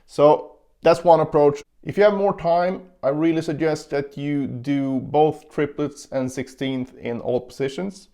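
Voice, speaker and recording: A man teaches guitar casually, describing how to pick and counting the beats as he shows them, with bits of playing in between. His voice is a little high and dark-toned, steady and unhurried.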